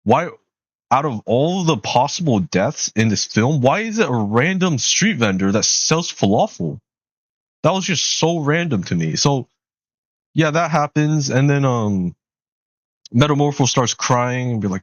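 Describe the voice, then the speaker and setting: A man's voice: mid-range voice, animated, measured pace, no room sound. A man casually recapping and reviewing a movie, talking loosely with lots of fillers and slang, cursing when he gets exasperated. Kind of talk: casual rambling film recap. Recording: dull lo-fi sound.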